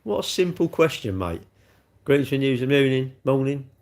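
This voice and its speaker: A man's voice: medium pitch, sing-song, moderate pace, darkish tone. A middle-aged man hosting a casual livestream, chatting and answering viewer comments with swearing and rhetorical questions. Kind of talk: casual chat.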